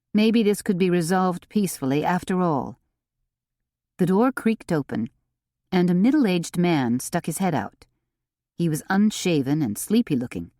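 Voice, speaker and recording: A woman narrating a cozy mystery audiobook in an expressive, unhurried reading. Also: deep voice, no echo, studio quality. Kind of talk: scripted narration.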